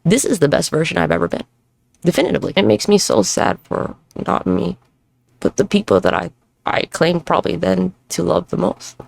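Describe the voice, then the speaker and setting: A woman's voice: fairly low pitch, big pitch swings, moderate pace, vocal fry. A woman in her thirties hosting a solo podcast, rambling and swearing as she reflects and jumps between topics while moving around at home. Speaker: podcast host. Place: at home with neighbors nearby.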